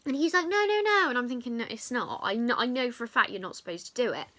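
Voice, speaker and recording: A woman's voice: on the high side, fast talker. A young woman, telling a chatty storytime to camera with lots of fillers. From England. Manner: chatty, animated retelling with many fillers. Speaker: vlogger. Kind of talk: storytime vlog.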